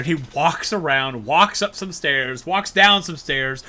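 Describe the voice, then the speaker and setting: A podcast co-host with a fairly high pitch and sharp tone talks slowly, with hardly any pauses, while recapping a game's plot. He wanders through the story and jokingly performs the characters' lines.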